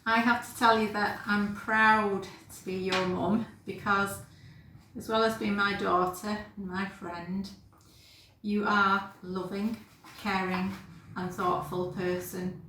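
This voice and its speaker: A woman in her sixties, a mother, giving a warm, earnest birthday message to her daughter. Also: mid-range voice, little pitch movement, slow pace. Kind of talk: heartfelt birthday video message. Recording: very echoey room, faint background noise.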